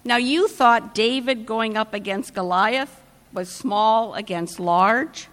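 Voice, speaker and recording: A woman preaching a sermon, retelling scripture in a measured storytelling manner with dramatic pauses. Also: a little high, a bit bright. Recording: long church reverb.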